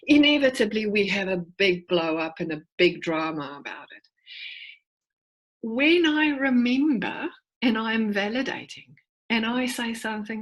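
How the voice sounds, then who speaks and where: Husky-voiced woman psychologist telling stories. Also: mid-range voice, expressive, unhurried, a bit bright, low-quality recording. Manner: storytelling, with frequent word restarts. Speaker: clinical psychologist, guest speaker. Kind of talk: conversational presentation. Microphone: video call.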